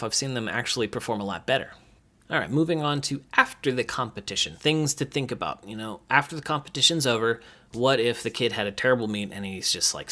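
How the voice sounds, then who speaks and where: Young male coach, casual and animated, acts out lines, mid-pitched voice. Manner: animated, acts out quoted lines, frequent laughs. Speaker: gymnastics coach.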